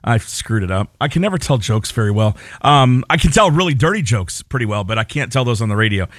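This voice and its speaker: A man's voice: medium pitch, lively intonation, brisk, a bit bright, no room sound. Man, radio morning host, rambling, self-deprecating, lots of ums, dry close studio sound. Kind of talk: casual radio banter and announcements.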